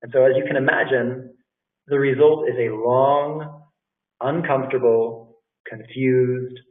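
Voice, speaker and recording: A middle-aged male English teacher who also directs a language school speaks in a mid-range voice, steady and a little slow. In a casual live talk on job interview tips, he repeats phrases and calls his learners "guys." The room echoes and the sound is distant and tinny, like a phone.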